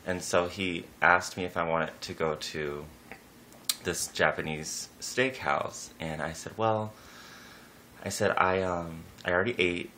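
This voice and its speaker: A man casually telling a personal story, rambling with lots of "like" and "you know", lively when quoting people. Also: a little slow, slight background noise. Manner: animated, jumps up in pitch when quoting people.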